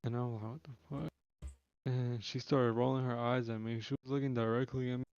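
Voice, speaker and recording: A young man tells a rambling story on a live stream, his voice gravelly yet smooth and resonant, held in a flat, even tone. He talks in slang, swears freely and restarts his sentences. The sound is dry and a little dull. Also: medium pitch, fast talker, no room sound. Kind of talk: casual storytelling on a livestream.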